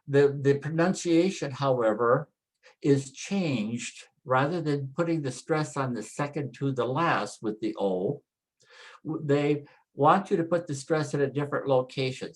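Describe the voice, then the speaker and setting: A man teaching Spanish pronunciation from slides, slowly repeating each word so learners can follow. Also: medium pitch, poor audio. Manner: slow, deliberate, repeats words for practice. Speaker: Spanish instructor. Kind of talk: slide-based pronunciation lesson.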